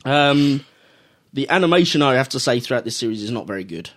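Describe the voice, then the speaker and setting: A man on a casual review podcast, opinionated and explanatory. His voice sits at a middling pitch for a man, and he works through his arguments point by point. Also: lively intonation, brisk, fairly bright tone. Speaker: podcast co-host.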